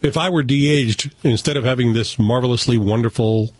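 A man's voice: mid-range voice, moderate pace, no echo. A man hosting a radio talk show, chatting casually and joking as he moves between segments. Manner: chatty, jokey, hosts the segments. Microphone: studio mic.

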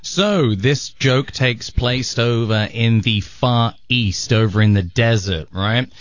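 A man on a radio show telling a joke on air, an animated storyteller who bursts into sound effects. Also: mid-range voice, takes it slowly, no echo. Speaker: radio show regular at the control board. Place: radio studio. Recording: dull lo-fi radio broadcast.

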